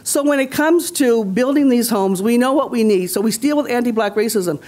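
A woman's voice: on the high side, normal speed, darkish tone. A woman from Nova Scotia, a community leader speaking on a conference panel in a rousing, rhetorical way, repeating phrases for emphasis. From Nova Scotia, Canada. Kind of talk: impassioned panel talk.

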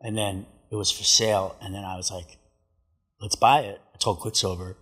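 A middle-aged man, a pro surfer and commentator, telling stories as a guest in a casual chat, profane and animated. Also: low voice, a little fast, husky, big-room sound. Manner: profane, animated, acts out quotes.

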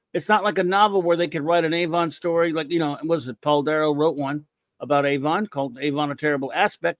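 A man hosting a podcast in a casual, rambling way, reading out listener reviews and breaking into jokes and bursts of shouting. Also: on the high side, dry recording. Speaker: podcast host.

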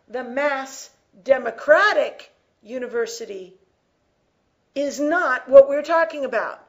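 A woman teacher lecturing on a book, reading lines aloud and defining key words with slow, deliberate emphasis. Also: sits high. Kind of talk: lecture, close reading of a text.

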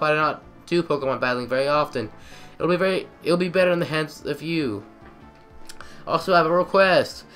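A man voicing a grandiose, self-important male detective, reading the game's dialogue louder and higher than his own voice. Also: close to an everyday voice. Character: bold theatrical male detective.

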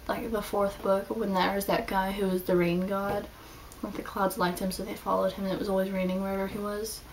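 A woman's voice: medium pitch, darkish tone. A young woman chatting casually in a video diary, rambling with lots of "like" as she tells her week. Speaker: student vlogger. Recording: slightly distant mic, faint background hiss.

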